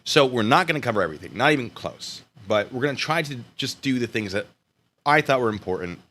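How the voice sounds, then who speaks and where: A bright, lively American man hosts a live stream and chats casually with his viewers. His pitch jumps around a lot, and he swings between loud bursts and quiet mumbled asides. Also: fast.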